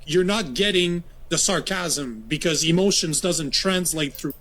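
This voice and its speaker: Man questioning hard, higher voice. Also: animated, normal speed, few pauses, a bit bright. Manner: argumentative, rhetorical questions. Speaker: political commentator. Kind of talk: critical commentary.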